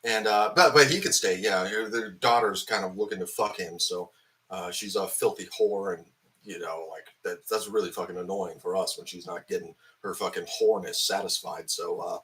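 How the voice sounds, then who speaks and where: Bright-voiced man in a profane rant. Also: deep voice, normal speed. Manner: profane, angry, rambling with many fillers. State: hung over. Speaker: film reviewer. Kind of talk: ranting film review.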